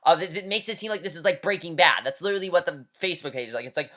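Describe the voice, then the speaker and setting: Exasperated vlogger, casual profane rant, mid-pitched voice, mocking delivery. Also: very fast, few pauses, fairly bright tone. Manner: exasperated, mocking, swears often, repeats "honestly". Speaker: vlogger reviewing a TV episode.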